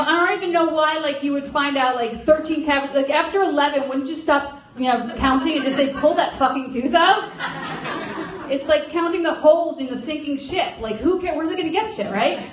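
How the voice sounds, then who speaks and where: A woman's voice: sits high, a little hiss or hum. A middle-aged woman telling a funny story to a live audience in a chatty, joking way. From grew up in an Irish Catholic family. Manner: comic, chatty, laughs between lines. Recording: roomy hall sound from a distance.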